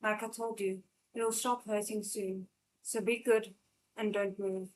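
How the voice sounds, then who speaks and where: A stern, protective male immortal master, as a woman reads him aloud. He speaks severely and presses hard on every word. The voice sits at an ordinary middle pitch. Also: flat delivery, unhurried, close to an everyday voice, rough recording. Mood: gentle. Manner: severe, firm and emphatic. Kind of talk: live read-aloud of a novel.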